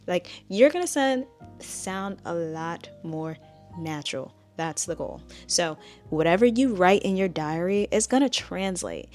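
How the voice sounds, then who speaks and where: A woman's voice: fairly low pitch, animated, moderate pace, a little mellow, soft background music. A woman giving a casual spoken language tutorial, chatty and direct as she coaches the viewer.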